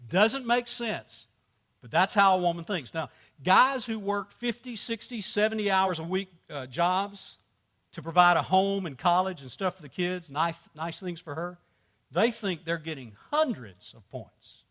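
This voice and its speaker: Man, church class teacher, joking, quizzes the crowd, fairly high voice. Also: lively intonation, unhurried, fairly bright tone. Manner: joking, quizzes the audience, laughs often. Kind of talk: humorous teaching to a men's group.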